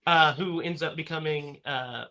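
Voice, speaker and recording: Male podcast host, slightly high and bright, loose and rambling delivery with lots of "um" and "like.". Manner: rambling, filler-heavy, quick to laugh. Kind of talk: casual movie-review chat.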